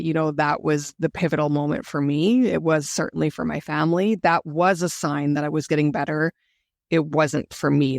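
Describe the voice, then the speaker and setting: Woman with a gravelly, dry voice. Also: deep voice, no echo. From Canada. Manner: earnest, emotional, reflective retelling. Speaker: guest. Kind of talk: interview storytelling.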